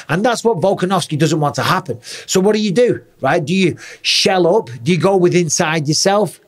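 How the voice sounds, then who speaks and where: A man's voice: high voice, animated, a little fast, hardly any pauses. A man in his forties, a former fighter, giving emphatic fight analysis and often checking in with "okay?" and "right?".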